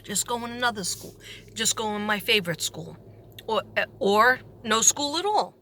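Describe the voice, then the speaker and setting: A woman with a New York accent tells a long, sarcastic story from her day as a substitute teacher. Her voice sits fairly high and sounds bright and sharp. She animates every quoted line. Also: animated, normal speed, slight background noise. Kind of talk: storytelling vlog.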